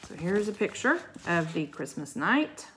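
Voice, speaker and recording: A woman reading a children's chapter book aloud, slowly and clearly. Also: lowish voice, big pitch swings, fairly bright tone, slight background noise. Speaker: storybook reader. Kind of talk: slow read-aloud narration.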